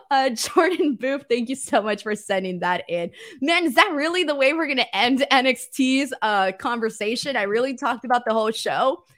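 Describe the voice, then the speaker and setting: Hosting a wrestling show, a woman from California speaks with a Valley girl accent in a voice that's a little high. Her livestream chat with viewers is laid-back and self-mocking.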